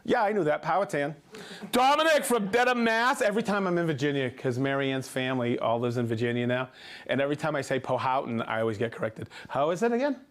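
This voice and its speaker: A man hosting a live stream, reading viewers' names and hometowns with upbeat excitement and frequent whoops. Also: on the high side, fast. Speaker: livestream host. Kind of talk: live stream shout-outs.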